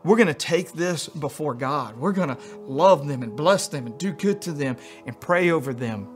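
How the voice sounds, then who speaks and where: A man preaching a sermon as pastor, in a folksy, animated style with homespun humor, swinging between loud emphasis and hushed, soft passages. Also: a little high, normal speed, soft background music.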